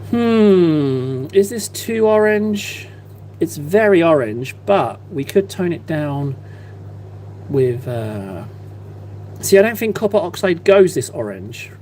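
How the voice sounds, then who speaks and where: Male streamer, thirties, higher-leaning voice, loose self-mocking chatter, faint hum on the track. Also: warm tone. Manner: rambling, chatty, self-deprecating. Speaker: live-stream painter. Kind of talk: casual live-stream chat.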